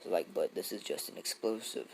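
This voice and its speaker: A man's voice: low voice, a little fast, creaky, a little hiss or hum. A young man improvising a casual fan story, rambling and heavy with fillers and restarts.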